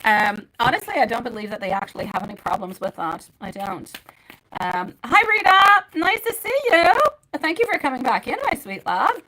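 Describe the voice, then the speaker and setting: A woman hosting a live tarot reading, talking straight to her viewers. Her voice is bright and ringing, and she showers them with endearments like sweetie and my love while answering their questions one after another. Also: medium pitch, big pitch swings, a little fast, rough recording. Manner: chatty, reads out viewer names and questions. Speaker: tarot reader.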